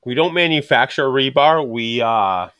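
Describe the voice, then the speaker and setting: A man hosts a relaxed podcast conversation, with a voice of middling pitch that sounds dry and close to the mic. He talks bluntly and swears freely, and he throws himself into his storytelling. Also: measured pace, clean tone, dry recording. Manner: blunt and profane, animated storytelling. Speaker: podcast host and rebar worker. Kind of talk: casual podcast chat.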